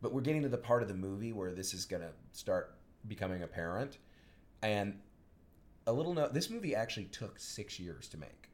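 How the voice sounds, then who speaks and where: A man's voice: lowish voice, fairly quick. A man co-hosting a podcast, chatting casually about a movie with jokes and mock accents. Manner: animated, jokey, slips into mock accents. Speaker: podcast co-host. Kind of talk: casual movie-review chat.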